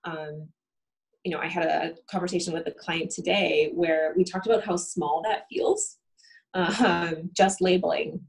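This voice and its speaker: A woman's voice: fairly low pitch, steady tone, a little slow, poor audio. A woman therapist talking through coping with a colleague, thinking aloud and often checking in with "right?". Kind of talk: conversation about coping between colleagues.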